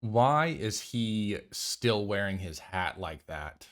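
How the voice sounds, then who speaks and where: A man giving casual live commentary on a film he is watching, sarcastic, profane and animated. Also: on the low side, slow. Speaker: movie reactor.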